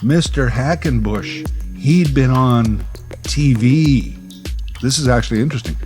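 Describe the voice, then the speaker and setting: A man's voice: mid-range voice, low-quality recording. Wry man telling a childhood story. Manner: wry, conversational, nostalgic asides. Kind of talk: storytelling monologue.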